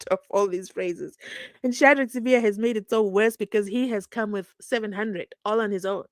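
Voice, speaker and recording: A woman's voice: a little high, fairly bright tone, dry recording. A woman hosting a live stream in casual chat, reacting animatedly to viewer comments. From South Africa.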